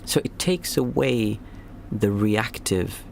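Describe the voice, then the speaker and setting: Slow and expressive, a lowish, creaky male voice speaks against slight background noise. This father of small children, a meditation teacher aged young adult to middle-aged, gives a reflective, relaxed livestream teaching, pausing to search for the right words.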